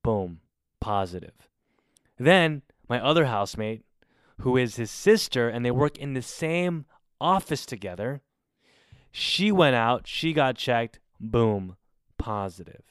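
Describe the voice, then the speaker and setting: A man in his twenties telling a story casually, in an animated and exasperated way with plenty of swearing. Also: mid-range voice, slow, clear, resonant tone, dry recording, studio quality. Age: 20s. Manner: animated, profane, exasperated retelling. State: recovering from covid.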